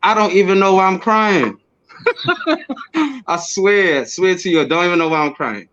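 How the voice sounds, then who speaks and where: A man being interviewed, telling a personal story casually and acting out what he said back then with bursts of energy and laughs. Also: high-pitched. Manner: animated, acts out his own past words with quick bursts and laughs. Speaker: interview guest. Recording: slightly dull lo-fi audio.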